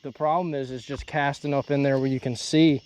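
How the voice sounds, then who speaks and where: A young man vlogging from a boat on a night fishing trip, excitedly exclaiming as he talks, with crickets behind him outdoors. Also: mid-range voice, brisk, clear, resonant tone. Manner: excitable, exclaiming, breaks into whoops. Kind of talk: excited outdoor vlog commentary. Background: crickets and insects at night.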